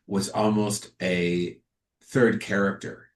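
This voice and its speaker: A man, an actor and comedian, chatting as an interview guest and telling animated stories in which he acts out other people's lines. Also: fairly low pitch, takes it slowly, slight background noise. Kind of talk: casual interview storytelling.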